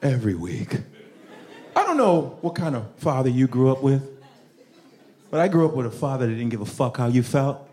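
A man's voice: medium pitch, big pitch swings, normal speed, pauses often, mellow. A male stand-up comedian doing crowd work, brash and profane, laughing and slipping into voices of parents. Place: comedy club stage with audience.

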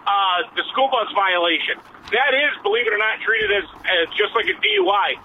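A man's voice: high voice, big pitch swings, brisk. A middle-aged retired police officer calling in to a radio show from his car, talking emphatically and repeating himself. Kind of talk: phone-in call while driving. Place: in a moving car. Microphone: hands-free phone. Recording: dull phone line with road noise. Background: faint vehicle noise.

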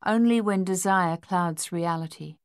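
A woman reading the part of a caring French nursing sister in an audiobook, soft but firm. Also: fairly low pitch, measured pace, clean tone. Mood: firm gentle.

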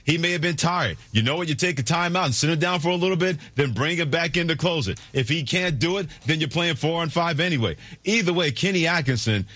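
A man's voice: fairly high pitch, animated, fast talker, hardly any pauses, sharp tone, no echo. A man hosting a sports talk show, delivering wry, sardonic commentary. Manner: sardonic, storytelling. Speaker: sports radio host.

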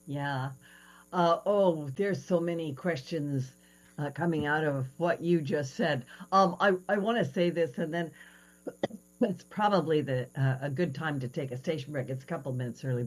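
Radio host, female, low voice with a faint hum behind, chatty storyteller. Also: rough recording. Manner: animated storytelling, hesitant fillers. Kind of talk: casual radio interview chat.

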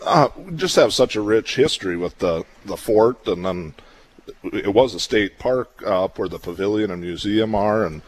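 A man's voice: fairly low pitch, animated, moderate pace. A man, a small-town mayor being interviewed on radio, talking in a laid-back, matter-of-fact way. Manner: laid-back, lists events plainly.

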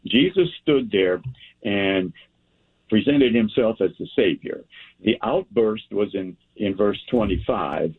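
A man's voice: fairly low pitch, breathy edge. A pastor teaching a men's group from the Bible, reading verses aloud and asking and answering his own questions. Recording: tinny phone-like sound.

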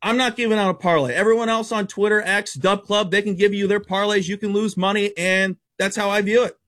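A man with a high voice talks sports betting as a guest, blunt and brash. He reels off stats in a quick, competitive stream. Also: steady tone, fairly bright tone. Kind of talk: fast stat-heavy sports betting talk.

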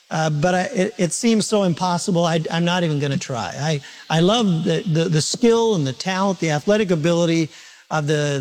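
A man preaching a morning sermon as a pastor, talking conversationally with repetition and self-deprecating humor. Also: sits high.

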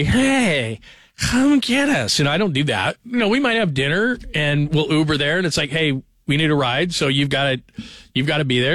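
A man's voice: fairly high pitch, sharp tone, no echo. A man in his forties hosting a sports radio show from a studio microphone, chatting casually and rambling through stories with plenty of fillers. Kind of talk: casual talk radio chat.

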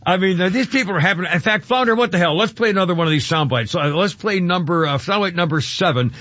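A male radio host in casual banter, voice sitting a bit high. He laughs easily and trips over restarts. The studio sound is dry and a little dull. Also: fast talker, a bit bright, no room sound. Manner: chatty, laughs often, restarts.

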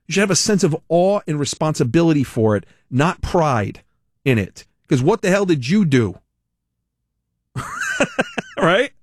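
A man's voice: fairly high pitch, no room sound, studio quality. A man hosting a talk radio show, delivering a blunt, exasperated opinion monologue.

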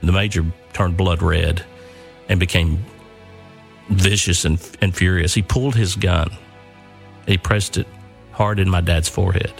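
An older man earnestly telling a family war story, pausing and repeating words as he goes. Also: deep voice, fairly even intonation, gravelly, faint music behind. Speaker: son telling his father's war story.

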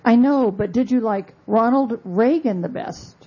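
A woman's voice: on the high side, unhurried, breathy edge, dull audio. A woman voicing a pushy older male president who keeps pressing with questions. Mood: probing. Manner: insistent questioning.

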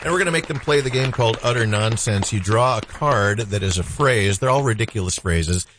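A man's voice: on the low side, fairly quick, background noise. A man hosting a morning radio show in the studio, joking and teasing his guests. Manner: jokey, teasing, lively. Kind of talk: playful morning radio banter.

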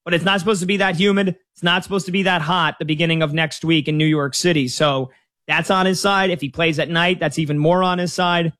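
A man's voice: fairly high pitch, a bit bright. A man talking casually as a sports betting analyst, conversational with frequent fillers. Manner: conversational, uses fillers like "you know".

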